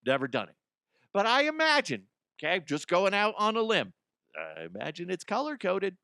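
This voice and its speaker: Casting note: male host, loose profane comedic rant, smooth voice, dry close sound. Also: high voice, wildly swooping pitch, normal speed, pushed and bright, no room sound. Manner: profane, rambling, acts out imagined people. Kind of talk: casual comedic news rant.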